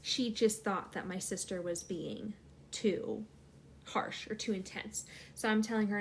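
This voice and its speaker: A woman's voice: mid-range voice, measured pace, slight background noise. A young adult woman, a channel host, telling a personal story casually with many fillers.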